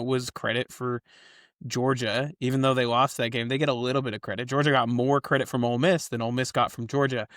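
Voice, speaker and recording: A man's voice: medium pitch, fairly bright tone, no room sound, clean studio sound. Man walking through sports ratings. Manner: explains the model's logic at length, builds points step by step. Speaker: co-host of a college football ratings show. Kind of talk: casual podcast chat.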